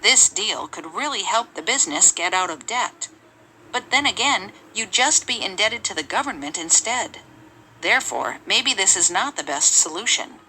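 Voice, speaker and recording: A woman reading English example sentences aloud in a measured, lively way for a lesson. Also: medium pitch, a little hiss or hum, rough recording.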